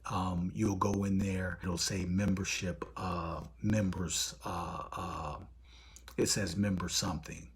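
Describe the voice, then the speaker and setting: A man's voice: low voice, slow pace, slight background noise. A man hosting a live stream in casual talk, blunt and profane. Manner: blunt, profane, animated storytelling.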